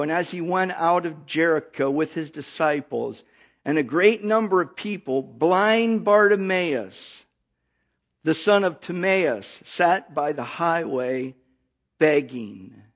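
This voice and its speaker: A man preaching a sermon, reading scripture and calling out to the congregation with slow emphasis. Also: a little high.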